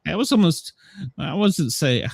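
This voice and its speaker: Man, livestream co-host, animated up-and-down pitch, dry close sound, joking and rambling. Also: a little slow, vocal fry, breathy edge, no room sound. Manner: joking, rambling, self-mocking. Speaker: co-host of a daily news talk show. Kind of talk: casual banter on a livestream.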